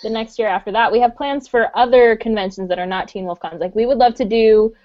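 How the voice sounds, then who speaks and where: A woman's voice: a little high, brisk, dry recording. A woman co-hosting a podcast in casual chat, rambling with fillers and laughing a lot. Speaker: podcast co-host and convention organizer. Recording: muffled lo-fi recording.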